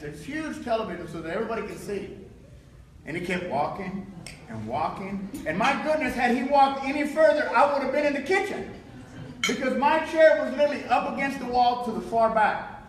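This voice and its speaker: High-voiced man speaking in an echoing hall. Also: a little fast, slight background noise. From Texas. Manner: animated storyteller acting out dialogue with laughs. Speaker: keynote speaker. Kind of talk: motivational storytelling speech. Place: large hotel event hall. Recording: very echoey hall, voice far from mic.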